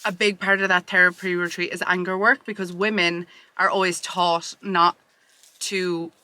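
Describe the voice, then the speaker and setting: A young woman tells stories on her podcast in a chatty, animated way. Her voice sits a little low yet sounds bright and crisp. The sound is close and dry. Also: normal speed, no room sound. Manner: chatty storyteller, animated retelling. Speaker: podcast co-host. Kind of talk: casual chat.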